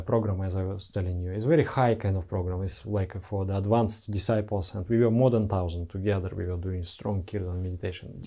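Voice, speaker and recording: A man's voice: sits low, vocal fry, mellow. A man who is a spiritual teacher, giving an earnest, heartfelt devotional talk to followers in simple broken English.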